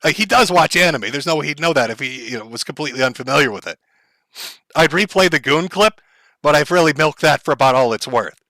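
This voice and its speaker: A man's voice: fairly high pitch, lively intonation, fast talker, bright, forceful tone, no room sound. Blunt, profane male streamer talking to chat. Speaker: streamer commenting on a clip. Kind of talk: casual live-stream commentary.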